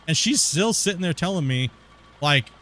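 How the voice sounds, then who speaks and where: While he plays on stream, this man rambles through a story in slangy fashion, tossing out dude and bro. He talks at a moderate pace with lively intonation, his fairly high voice pushed and bright.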